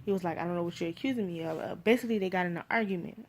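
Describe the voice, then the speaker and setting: A woman with a Miami accent gives a casual spoken movie review. She rambles loosely, fills her talk with "like" and "you feel me", and gets animated when she retells scenes. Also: fairly low pitch, rapid-fire.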